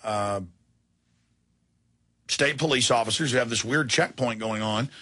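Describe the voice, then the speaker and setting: A man's voice: medium pitch, a little slow, pauses often, pushed and bright, husky. A middle-aged man hosting talk radio, tired after a very long broadcast, telling a story in a rambling, heated way with many restarts. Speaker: radio host.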